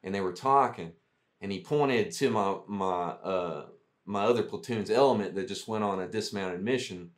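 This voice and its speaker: A man's voice: on the low side, normal speed. A man, a veteran guest, telling profane, rambling war stories in casual talk. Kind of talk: casual storytelling.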